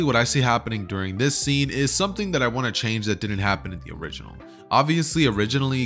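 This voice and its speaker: A man's voice: mid-range voice, fairly bright tone. A man casually retelling an anime what-if story, rambling with lots of filler words. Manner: rambling, fillers like right and pretty much. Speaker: YouTube storyteller. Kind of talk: casual fan-fiction retelling.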